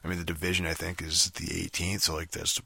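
A man's voice: low voice, flat delivery, quick pace, creaky, sharp tone, slightly rough, no room sound, clean studio sound. A young man hosting a podcast, rambling through a casual game review with constant swearing and lots of fillers. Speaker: podcast host.

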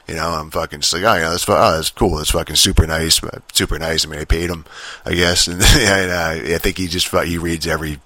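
A man's voice: low voice, fairly even intonation, a little fast, few pauses, pushed and bright, dry recording. A man hosting a podcast, telling a long story in a casual, profane, rambling way with many fillers and restarts. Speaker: podcast host.

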